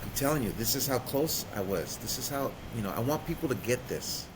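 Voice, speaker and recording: A man's voice: lively intonation, fairly quick, rough recording. Earnest man telling his recovery story. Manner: earnest, storytelling, drops quiet at heavy points. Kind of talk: personal testimony in conversation. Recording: vehicle rumble behind.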